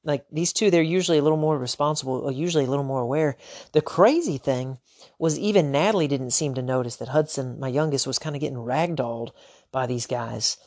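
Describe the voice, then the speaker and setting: A man's voice: medium pitch, a little fast, darkish tone, no room sound, clean studio sound. A man, hosting a solo podcast and telling a personal story with rhetorical questions. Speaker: podcast host.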